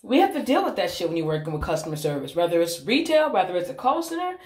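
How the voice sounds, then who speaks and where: A woman's voice: lowish voice, very animated, fast, a little mellow. A young adult woman chatting casually to her phone camera, swearing freely as she talks. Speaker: vlogger. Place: bathroom. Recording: echoey bathroom.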